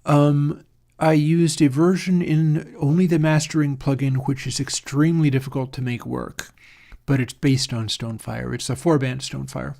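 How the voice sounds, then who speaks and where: A man's voice: mid-range voice, fairly even intonation, moderate pace, creaky, dark tone. A man hosting his own channel, talking casually and thinking aloud as he goes, with fillers and self-corrections. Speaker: host of an audio plugin channel. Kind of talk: casual rambling chat.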